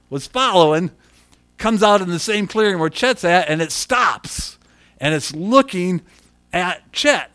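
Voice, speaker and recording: A man preaching a sermon as a story, chatty and repetitive, breaking into loud acted shouts. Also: sits high, smooth. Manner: animated storyteller who shouts quoted lines; conversational, repeats himself.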